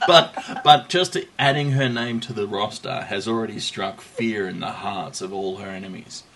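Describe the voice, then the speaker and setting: A man's voice: lowish voice, moderate pace, a bit bright, slight background noise. A man co-hosting a casual podcast, dropping short dry quips and replies. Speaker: podcast co-host. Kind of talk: casual chat.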